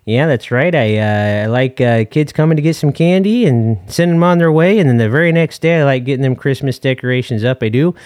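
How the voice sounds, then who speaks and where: A man's voice: mid-range voice, brisk, few pauses, darkish tone, no echo, clean studio sound, close to an everyday voice. A man playing a long-winded, folksy dad calling in to a comedy podcast, rambling with fillers and corny jokes. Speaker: caller. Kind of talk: comedic call-in character bit.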